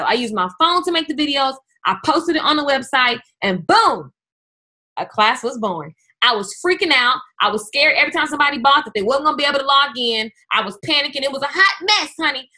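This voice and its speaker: High bright-voiced woman coaching excitedly. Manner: energetic, chatty, talks straight to viewers. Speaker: business coach hosting a webinar. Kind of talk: live webinar talk.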